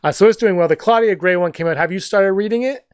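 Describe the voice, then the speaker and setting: A man co-hosting a podcast in casual chat, telling rambling stories with quick asides. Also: high-pitched, smooth, no echo. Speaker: podcast co-host.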